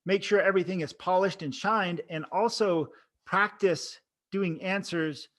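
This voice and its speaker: A man's voice: sits high, measured pace, a bit bright. A man coaching listeners on oral board interviews in an earnest, unscripted way, often restarting his sentences. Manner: earnest, frequent restarts and fillers. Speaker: promotion exam coach. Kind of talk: unscripted instructional talk.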